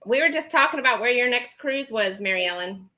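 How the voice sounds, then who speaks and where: A woman's voice: a little high, expressive, fairly quick, bright, forceful tone, poor audio. A woman hosting a casual live stream, chatting and reading viewer comments aloud with many ums.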